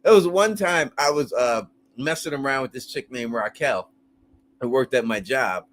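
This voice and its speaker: A man hosting a casual call-in live stream, animated and crude, laughing often and using lots of slang. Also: mid-range voice, normal speed.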